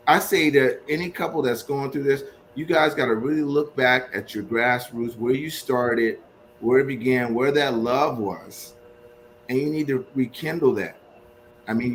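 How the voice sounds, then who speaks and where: A man's voice: mid-range voice, a little hiss or hum, rough recording. Earnest man giving marriage advice. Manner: earnest, advising, faith-based. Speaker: married guest. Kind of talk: casual podcast advice.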